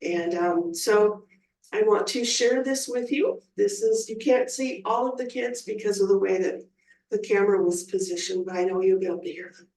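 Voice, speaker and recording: A woman's voice: medium pitch, normal speed, a little mellow. A woman, an elementary music teacher, giving an informal, enthusiastic presentation at a school board meeting. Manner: informal and enthusiastic, with many fillers. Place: meeting room. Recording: roomy, distant meeting-room sound.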